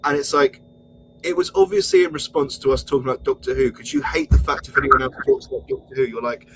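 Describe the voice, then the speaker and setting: A man hosting a podcast, ranting angrily and swearing, sometimes mocking others in a high voice. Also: wildly swooping pitch, a little fast, a little hiss or hum, poor audio. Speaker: podcast host. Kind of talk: heated podcast rant.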